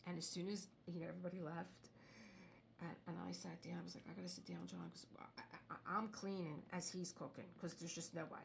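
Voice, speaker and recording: A middle-aged woman rambling casually as she crafts, drifting into soft muttering now and then. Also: lowish voice, fairly even intonation, a little fast, gravelly, a little hiss or hum. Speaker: craft video host. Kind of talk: casual chat while crafting.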